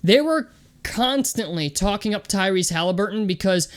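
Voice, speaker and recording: High-voiced chatty young man vlogging. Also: animated, normal speed. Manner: chatty, loose and conversational with many fillers. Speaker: sports vlog host. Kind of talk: casual vlog commentary.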